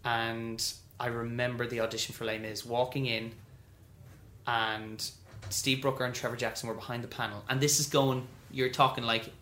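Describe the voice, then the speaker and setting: A man spins a lively story as a podcast guest, acting out quoted lines in high, bright voices. His tone is bright and forceful. The room gives a clear echo. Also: normal speed, a little hiss or hum. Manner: animated, acts out quoted voices. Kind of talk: storytelling interview.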